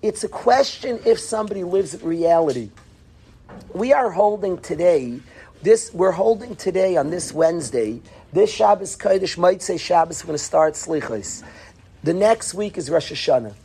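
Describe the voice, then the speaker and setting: A man's voice: high-pitched, lively intonation, normal speed, gravelly, dark tone, a little hiss or hum. A man teaching a Torah class to yeshiva students, earnest, calling on students by name and dropping into whispers.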